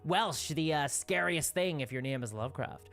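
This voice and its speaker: A woman's voice: sits low, expressive, moderate pace, a bit bright. A woman hosting a casual livestream, rambling and laughing often as she reads viewer comments. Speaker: livestream host.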